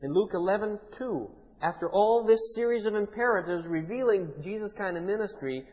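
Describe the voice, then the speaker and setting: Man preaching, forceful and emphatic, high-pitched, echoing hall, dull lo-fi sound. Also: animated, a little fast. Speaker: pastor. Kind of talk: sermon. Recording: muffled sound in a large reverberant hall.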